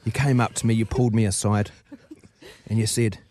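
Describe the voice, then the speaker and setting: A man's voice: fairly low pitch, little pitch movement, a little fast, noisy background. A man with a New Zealand accent, a radio co-host giving a sincere, slightly emotional tribute on air.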